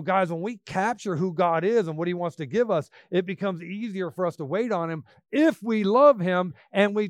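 A man preaching a sermon, emphatic, swinging between loud bursts and quiet asides. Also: high voice, dry recording.

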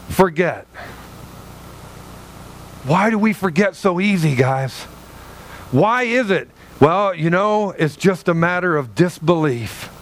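A male pastor preaching a sermon in an animated way, acting out little dialogues with God. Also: sits high, slight background noise.

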